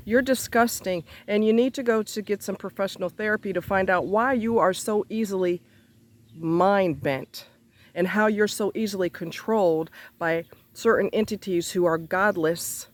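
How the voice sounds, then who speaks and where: An indignant woman speaks straight to her audience in a heated monologue, swearing freely and hammering home repeated rhetorical questions. Her pitch sits in a middle range but leaps sharply upward when she demands answers. She is angry throughout. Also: normal speed. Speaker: vlogger ranting to viewers.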